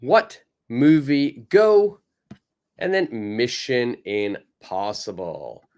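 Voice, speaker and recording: A North American man teaching English online at an unhurried pace. His voice rises and falls a lot as he models phrases. He sounds patient and encouraging, repeating each line for practice. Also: mid-range voice, very animated, a little mellow. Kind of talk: live online English lesson.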